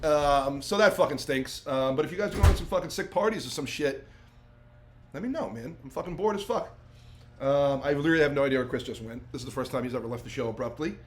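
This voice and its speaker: A man's voice: medium pitch, expressive, fast talker. Laid-back profane podcast host man. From Long Island, New York. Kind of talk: casual podcast chat.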